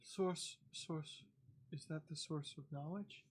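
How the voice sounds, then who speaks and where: A strange otherworldly female being speaks in halting fragments, dragging each word out very slowly, as the game master puts her on. The broken phrasing makes her sound alien in this tabletop role-play. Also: medium pitch, fairly even intonation, breathy edge. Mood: curious.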